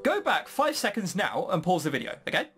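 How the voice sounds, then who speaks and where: A let's-player comments on a visual novel with a dry, sarcastic wit and laughs at its oddities. The voice swings a great deal in pitch from one phrase to the next. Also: wildly swooping pitch, a little fast, a bit bright, soft background music. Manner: wry, sarcastic, laughs at the game. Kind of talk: gameplay commentary.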